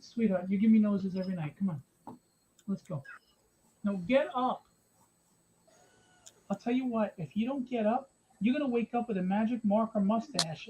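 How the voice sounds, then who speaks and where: A man hosting a live stream from home in a casual, joking, teasing way. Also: high voice. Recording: dull lo-fi stream audio with faint noise.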